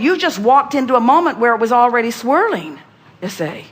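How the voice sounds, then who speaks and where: A woman giving an inspirational spiritual talk, speaking as "we" and addressing the listener directly, emphatic and repetitive, with sudden jumps in pitch and volume. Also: sing-song, brisk, slightly rough. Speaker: spiritual teacher channeling a group voice. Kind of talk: inspirational talk to a seminar guest.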